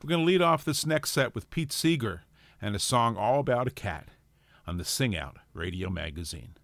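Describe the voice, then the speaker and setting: A male radio host announcing the records just played and the next set in a plain, steady way. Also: medium pitch, moderate pace. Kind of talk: announcing songs between sets.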